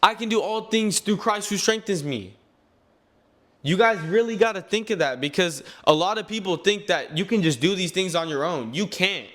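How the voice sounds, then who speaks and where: A young man of nineteen speaks with a noticeably high voice, delivering a faith-driven motivational talk straight to his viewers. He is earnest and a bit preachy, and he often trips over his words and restarts sentences. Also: expressive, normal speed, a bit bright. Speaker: clothing brand owner and vlogger.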